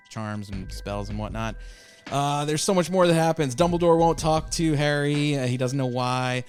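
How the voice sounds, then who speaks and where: A man hosting a casual movie podcast, recapping a plot in a loose, rambling way with lots of fillers. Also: mid-range voice. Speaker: podcast host.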